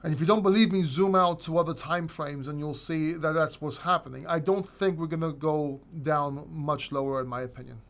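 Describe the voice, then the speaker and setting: A male crypto livestream host with a slightly higher-pitched voice chats loosely with his viewers. He reads their questions aloud and answers in a relaxed, off-the-cuff way, full of "you know" and restarts. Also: fairly quick, few pauses. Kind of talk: casual live-chat Q&A.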